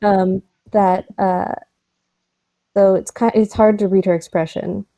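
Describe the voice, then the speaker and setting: A woman's voice: medium pitch, fairly even intonation, unhurried, warm tone, poor audio. A woman describing her character in a casual tabletop game, hesitant with many fillers and laughs. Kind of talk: casual tabletop role-play.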